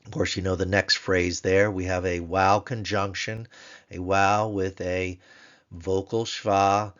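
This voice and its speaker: A man teaching a grammar lesson, patiently spelling words out slowly and repeating them. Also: low voice, level tone, fairly bright tone, dull audio.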